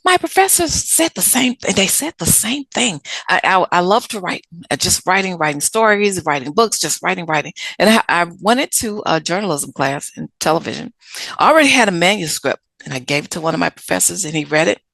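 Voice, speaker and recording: Gravelly, animated woman telling stories. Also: on the low side, brisk, no room sound. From Chicago. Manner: animated, acts out quoted people. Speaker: guest. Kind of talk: storytelling interview answers.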